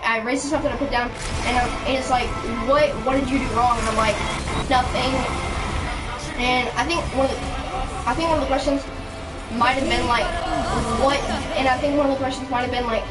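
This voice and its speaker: A woman's voice: high voice, fairly even intonation, fast talker. A woman telling a casual storytime rant, rambling with many restarts and fillers, sounding indignant. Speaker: storytime vlogger. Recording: voice from a distance with clear background music.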